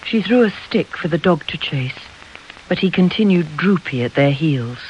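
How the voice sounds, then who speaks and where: Measured audiobook narrator, slightly lo-fi. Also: mid-range voice, lively intonation, a little hiss or hum. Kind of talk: scripted narration.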